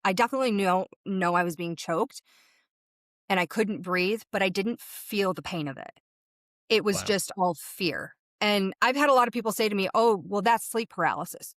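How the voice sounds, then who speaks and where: A woman at a middle pitch, talking as a medium who is a guest in an interview. She tells her story vividly, speeding up and slowing down with it, in a dry, close sound. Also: a bit bright, dry recording. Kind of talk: recounting a personal experience in an interview.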